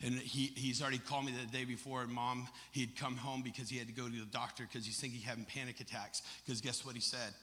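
A man's voice: mid-range voice, level tone, quick pace, few pauses, pushed and bright. A man preaching a sermon as a storyteller, with impassioned, emphatic delivery. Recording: long reverb of a large hall.

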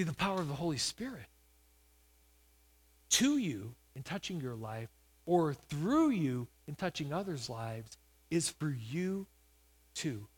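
A male pastor giving a sermon, telling a healing story with emphatic rises. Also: on the high side. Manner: storytelling preacher, rising to loud emphatic peaks.

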